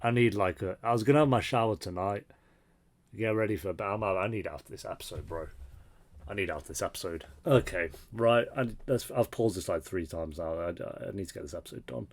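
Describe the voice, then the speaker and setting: A man's voice: low voice, a little fast. A man hosting a reaction video, talking casually and with exasperation while he swears and comments on scenes.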